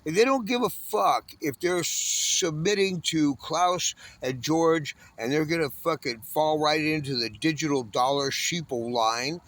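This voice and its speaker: A man in his sixties from Southern California rants at length, bitter and full of curses. His voice sits a little high for a man of his age, and he rails against everything in an uneven, angry flow. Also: unhurried, hardly any pauses, a bit bright, no room sound. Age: 60s. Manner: profane, bitter, railing. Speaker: homeless panhandler. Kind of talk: angry ranting monologue.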